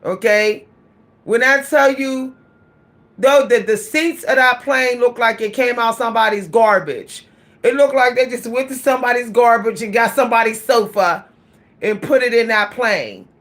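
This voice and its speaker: A woman vlogger telling a story in casual chat, animated and laughing, talking straight to her listeners. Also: on the high side, moderate pace.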